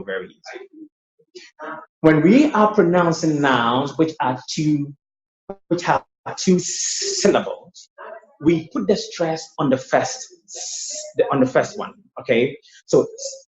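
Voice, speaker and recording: A man tutoring English pronunciation in an online lesson. He explains patiently and often repeats his words. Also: medium pitch. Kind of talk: online lesson with screen sharing. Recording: roomy, dull lo-fi sound.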